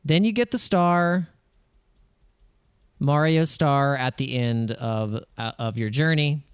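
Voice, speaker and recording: A man hosting a crypto channel, talking over charts in casual, excitable commentary and acting out panicky investor voices. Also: mid-range voice, slow, clean tone, dry recording, clean studio sound.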